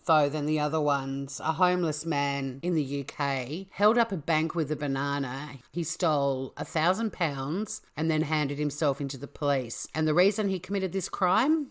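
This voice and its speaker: Aussie woman podcast host, low voice, jokey and chatty, going off on little tangents. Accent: Australian. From Australia. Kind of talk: casual podcast storytelling.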